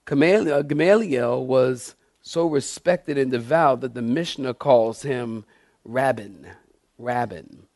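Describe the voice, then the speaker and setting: A man's voice: mid-range voice, a little slow, hardly any pauses, darkish tone, no echo, clean studio sound. A middle-aged man preaching a sermon as pastor, emphatic, repeating key phrases and asking the congregation questions.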